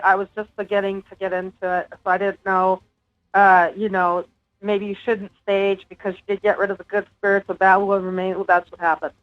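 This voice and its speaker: A woman guest telling her own paranormal experiences in an earnest, casual way, with small laughs. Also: mid-range voice. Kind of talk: casual interview talk. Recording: dull lo-fi remote audio with faint music.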